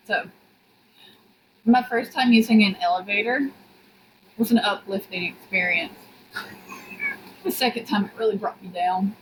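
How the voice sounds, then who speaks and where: A woman's voice: mid-range voice, measured pace, pauses often, noisy background. A young adult woman co-hosting a podcast, telling a detailed story in casual chat and laughing often. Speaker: podcast co-host.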